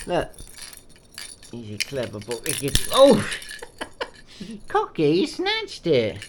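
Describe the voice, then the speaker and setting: Guy doing silly baby talk to his cockatoo, slow and swoopy, bit of faint hiss. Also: fairly high pitch, wildly swooping pitch. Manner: playful sing-song baby talk, coos and cheers at the bird. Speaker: pet owner and channel host. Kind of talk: casual vlog talk to his pet cockatoo.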